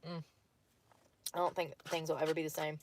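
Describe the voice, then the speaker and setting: A woman's voice: low voice, little pitch movement, fairly quick, a little hiss or hum. A woman talking in casual chat from a parked car at night, rambling, laughing often and swearing freely. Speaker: vlogger.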